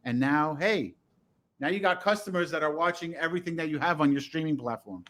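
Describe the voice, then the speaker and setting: Slightly high-voiced chatty man. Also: brisk, a bit bright. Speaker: podcast co-host. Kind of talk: casual chat.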